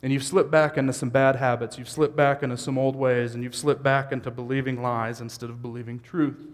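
A man's voice: mid-range voice, flat delivery, fairly quick, long reverb tail. A man preaching a sermon as a pastor, moving from easygoing asides to fervent, rising exhortation. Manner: builds from conversational to impassioned shouting.

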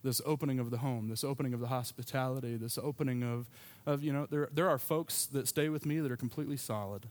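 A pastor preaching a sermon to his congregation, telling a personal story in a conversational way with asides. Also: medium pitch.

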